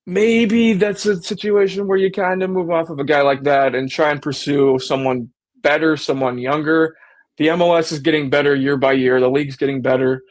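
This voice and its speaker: Animated man talking sports, fairly high. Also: normal speed. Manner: animated, slips into mocking voices for quotes. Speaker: sports podcast host. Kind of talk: casual fan commentary.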